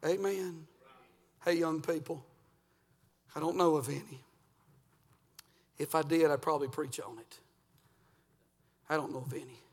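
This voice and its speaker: Fiery preacher, echoing hall. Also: male voice, a little high, steady tone, unhurried, long pauses. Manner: swings from hushed to shouted preaching. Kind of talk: fiery revival sermon. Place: church sanctuary.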